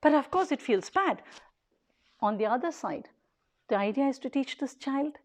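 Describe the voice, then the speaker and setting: Building her case in an earnest public talk, a high-voiced woman who leads a daycare uses short, emphatic phrases and keeps returning to her main points. She is animated and speaks at normal speed, with a slightly mellow tone.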